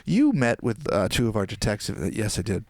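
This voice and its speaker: This podcast guest, a young man from New Jersey, talks briskly in a fairly low voice. His long, casual story is animated, and he acts out each person he quotes.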